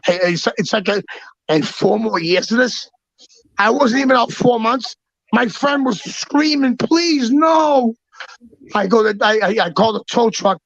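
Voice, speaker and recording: High, gravelly man telling stories. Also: a bit bright, no echo. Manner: profane, emphatic, restarts often. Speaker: guest. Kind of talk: casual storytelling. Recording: dull, dry lo-fi sound.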